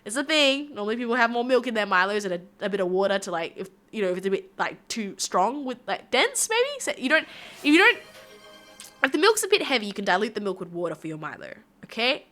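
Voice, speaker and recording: An Australian woman streaming live and chatting with her viewers in a bubbly, rambling, giggly way. Her voice sits a little high and sounds bright and forceful, swinging up and down in lively leaps. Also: fast talker, soft background music. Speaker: livestreamer. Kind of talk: casual stream chat reading viewer comments.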